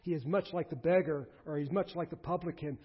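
Preacher, male, husky and slightly high voice, earnest and exhorting, dull lo-fi recording. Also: brisk, big-room sound. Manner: earnest, exhorting the congregation directly. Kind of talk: sermon.

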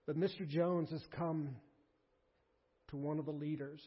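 A man's voice: on the high side, steady tone, measured pace, husky. A man preaching a sermon to his congregation, earnest and pleading, often restarting his sentences. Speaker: pastor. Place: church sanctuary. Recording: muffled sound with a long hall echo.

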